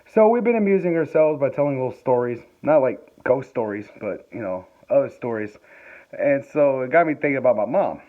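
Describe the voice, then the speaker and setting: A man's voice: mid-range voice, animated, a little fast. A man vlogging from home during a power outage, telling a rambling story into his phone, chuckling and swearing as he goes. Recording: tinny phone-like sound.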